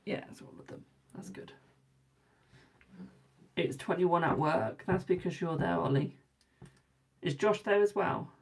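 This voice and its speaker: English woman, young, lowish and gravelly, casual teasing stream host, faint hum. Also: unhurried, pauses often. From England. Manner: chatty and teasing, reading out viewer comments. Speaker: live stream tarot reader. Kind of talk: casual live-stream chat with viewers.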